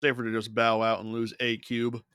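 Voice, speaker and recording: A man's voice: medium pitch, completely flat delivery, moderate pace, a bit bright, smooth, dry recording, clean studio sound. A man casually talking himself through a digital card game as a streamer, muttering his moves and thoughts. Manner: muttering thoughts while playing. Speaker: gaming streamer. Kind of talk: casual gameplay commentary.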